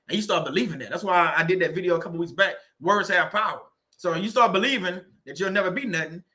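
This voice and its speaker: A Southern US man speaks in a fairly high, bright voice, rattling along quickly. He gives a casual, faith-based motivational vlog talk. He is chatty and repetitive and laughs often. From Southern United States. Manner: chatty, repetitive, laughing often, says "you know what I'm saying". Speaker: faith-based YouTuber and real estate agent.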